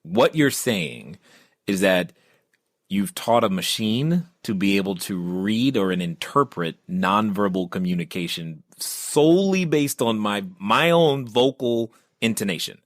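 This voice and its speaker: A man with a lowish voice hosts a podcast, jumping in with eager interjections and a quick laugh before his questions. His voice is close and dry, with no room sound at all. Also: animated, no room sound. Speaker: podcast host.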